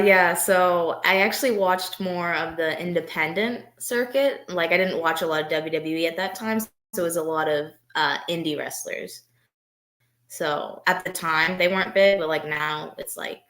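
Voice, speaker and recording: A young woman wrestler answering interview questions in a soft, hesitant way, with many fillers. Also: low-pitched, steady tone, normal speed, roomy sound. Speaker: wrestler guest.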